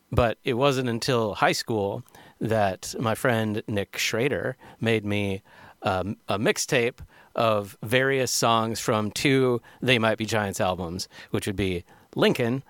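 A man's voice: on the low side, no room sound. A man hosting a music show, talking casually and thoughtfully between songs with frequent ums and restarts.

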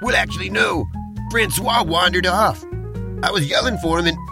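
A man's voice: high voice, moderate pace, gravelly, music in the background. A man voicing a frantic young male diner barista who rambles in a panic, in a comedy podcast role-play. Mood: rambling.

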